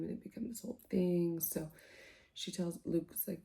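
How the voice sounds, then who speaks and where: A woman softly retelling a novel's plot for sleep, in a casual, chatty way full of fillers, sometimes dropping to a whisper. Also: fairly low pitch, fairly even intonation, a little slow, vocal fry. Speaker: book reviewer. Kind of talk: soft-spoken ASMR book recap.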